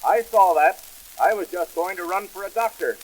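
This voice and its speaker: A man's voice: high voice, moderate pace, rough recording. A man voicing a jovial, teasing friend who chuckles through his banter, in 1920s vaudeville comedy record style. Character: jovial male friend, nervous rider.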